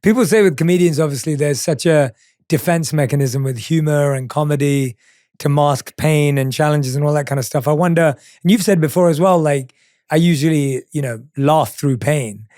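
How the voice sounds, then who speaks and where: A man hosting a podcast, asking reflective questions and giving soft short reactions. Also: on the high side, normal speed, dry recording, clean studio sound. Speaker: podcast host. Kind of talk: interviewing.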